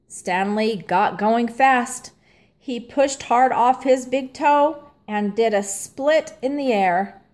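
A woman reading a children's storybook aloud in a gentle, clearly paced narration. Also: on the high side, slow pace. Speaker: storybook reader.

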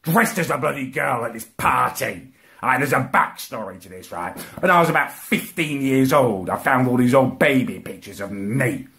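A man ranting for comedy, full of indignation and swearing. His pitch leaps all over the place, from low muttering grumbles up to shrill outraged peaks, at a mid-range base. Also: animated, normal speed, fairly bright tone. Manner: indignant, swearing, voice climbs high when outraged. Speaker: comedy ranter. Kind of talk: comic rant monologue.

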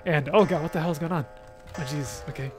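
Playing a game in his bedroom while hot and sweaty in a costume, a gaming YouTuber talks to himself in loose let's-play commentary with fillers, restarts and mild swearing. His voice is a little high and fairly quick, with faint music behind.

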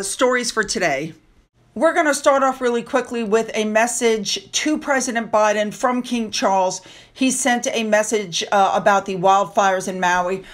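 A woman's voice: a little high, fairly bright tone. A woman hosting a casual commentary video, talking emphatically with opinionated, sarcastic asides. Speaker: commentary channel host.

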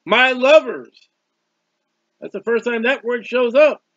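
A man's voice: extremely high pitch, slow pace, no echo, dull audio. A man preaching a sermon, reading scripture aloud and explaining it, drawing out words for emphasis. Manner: expressive Bible reading with commentary, stretches words.

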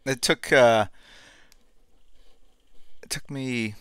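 A middle-aged man hosting a live art stream, chatting in a relaxed, rambling way and greeting viewers. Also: fairly low pitch, normal speed, pauses often, no echo, clean studio sound. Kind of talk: casual live-stream chat. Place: home studio room.

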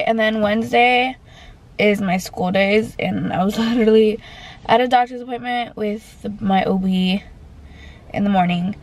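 A woman's voice: mid-range voice, darkish tone, poor audio. A young woman vlogging in casual chat, rambling with lots of "like," and out of breath as she talks into a handheld phone camera. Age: young adult.

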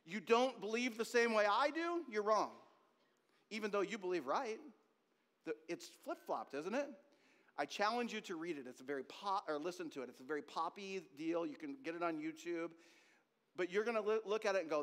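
A male pastor preaches in a high, animated voice. He speaks to the congregation in a chatty way and often turns to them directly. His words ring out with the long reverb of a church sanctuary. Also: a little fast. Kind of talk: sermon.

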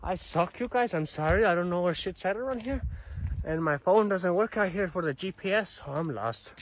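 A man with a high-sitting, animated voice talks at normal speed while walking outdoor trails, rambling straight to camera. He's a chatty vlogger who swears freely and calls his viewers "you guys"; there's slight background noise.

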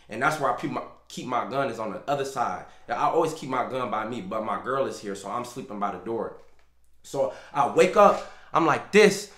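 A young man casually telling a story time in loose slang, full of fillers, getting loud and animated as he relives it. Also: a little high. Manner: gets loud and animated when reliving the scene. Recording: echoey room.

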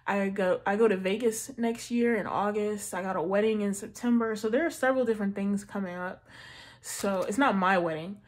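A woman in her mid-twenties chatting casually to the camera about budgeting, animated and slangy, joking as she talks. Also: medium pitch, fairly quick. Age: 20s. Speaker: budgeting vlogger. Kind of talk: casual chat.

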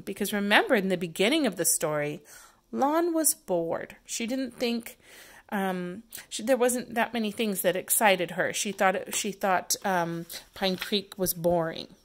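A woman's voice: mid-range voice, expressive, a little slow. A woman teacher patiently explaining a story to young schoolchildren. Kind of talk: reading a story aloud to young children.

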